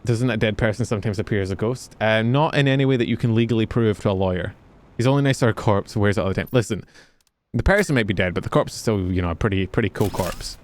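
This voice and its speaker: A Scottish man with a lowish voice talks fast while streaming a game. He chats casually with viewers, cracking jokes and swearing freely as he plays.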